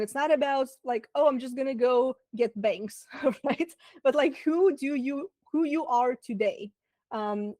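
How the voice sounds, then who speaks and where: A woman's voice: on the high side, a little mellow, dry recording. A woman with a Russian accent, a business coach giving a casual online masterclass, full of fillers and asides. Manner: chatty, lots of fillers and asides. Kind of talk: webinar masterclass talk.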